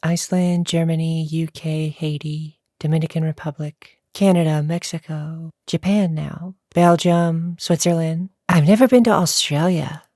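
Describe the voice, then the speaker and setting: A woman's voice: low-pitched, steady tone, measured pace, few pauses, warm tone, no echo, studio quality. A woman answering viewer questions in a casual, chatty vlog, rambling and laughing often.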